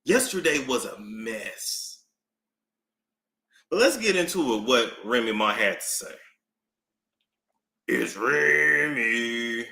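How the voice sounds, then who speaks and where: Animated drawling man in echoey room. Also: medium pitch, gravelly. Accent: New York. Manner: animated, drawn-out, repetitive. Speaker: commentary streamer. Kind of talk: casual gossip commentary.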